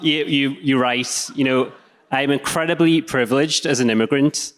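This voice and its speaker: A man's voice: medium pitch, steady tone, normal speed, a bit bright, clean tone. A man with an English accent giving a self-deprecating, conversational live talk. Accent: English regional. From England. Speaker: speaker. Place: stage in a hall. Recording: echoey hall.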